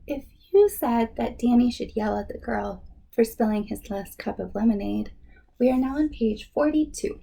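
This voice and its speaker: A woman reading a children's picture book aloud, slow and expressive. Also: on the high side, creaky, soft background music. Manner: slow and expressive, voicing the characters. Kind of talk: children's read-aloud narration.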